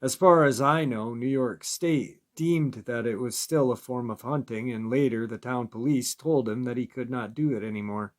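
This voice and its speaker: A man narrating listeners' creature encounter stories in a steady, measured reading voice. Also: medium pitch. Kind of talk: scripted narration.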